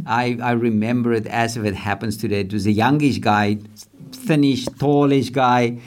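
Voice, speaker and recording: On his leadership podcast, the host speaks at normal speed in a mid-range voice. His casual motivational talk about faith and purpose is earnest and somewhat repetitive.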